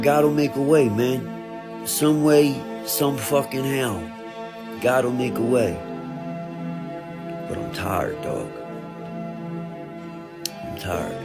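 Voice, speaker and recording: A man, a father of two, slowly and wearily venting to the camera about exhaustion, swearing heavily as he goes. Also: fairly low pitch. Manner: slow, weary, heavy with swearing. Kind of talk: emotional vent to camera. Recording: clear music playing behind.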